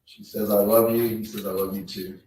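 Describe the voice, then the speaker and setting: A man on the witness stand reading text messages aloud in a slow, measured way. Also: lowish voice, little pitch movement, darkish tone, slight background noise. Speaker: trial witness. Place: courtroom. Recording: echoey courtroom feed, distant mic.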